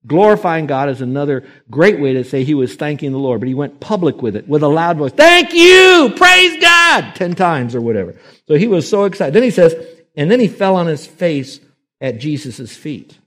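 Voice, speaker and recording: A man preaching a sermon, animated and acting out voices when he quotes people. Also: fairly high pitch, fairly quick. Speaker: pastor.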